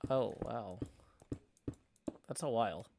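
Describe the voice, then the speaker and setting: A man's voice: medium pitch, slow, vocal fry, noisy background. A middle-aged man casually chatting on a live stream call, rambling and self-deprecating. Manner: rambling, self-deprecating, frequent restarts and fillers. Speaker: streamer hosting a group chat. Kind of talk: casual chat.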